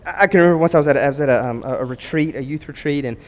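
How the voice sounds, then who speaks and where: A man's voice: a little high, very fast. A man preaching a sermon to his church in a conversational manner, mixing scripture with humorous personal stories. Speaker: pastor. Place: church sanctuary. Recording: long hall reverb.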